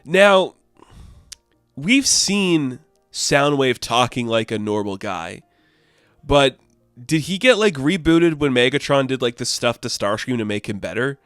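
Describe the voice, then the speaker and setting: A man's voice: mid-range voice, animated, unhurried, fairly bright tone, no echo, clean studio sound, soft background music. A man giving a casual, opinionated comic book review, rambling with lots of fillers.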